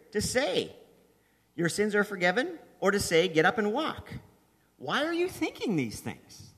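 A man delivers a sermon in a conversational storytelling way, with asides to his listeners. His voice sits high and swings widely in pitch. The sound carries a long reverb, as from a church hall. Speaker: preacher.

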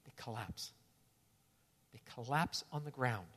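A man's voice: medium pitch, expressive, measured pace, a bit bright, in a large hall. A male pastor preaching a sermon in an earnest, conversational way, often restarting phrases.

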